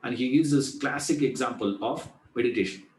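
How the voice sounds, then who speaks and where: A man's voice: medium pitch, fairly quick, reverberant, a little hiss or hum, rough recording. A man teaching a Vedanta class in a chatty way, asking rhetorical questions and answering them. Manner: conversational, repeats "you know", asks rhetorical questions and answers them. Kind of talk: spoken class lecture.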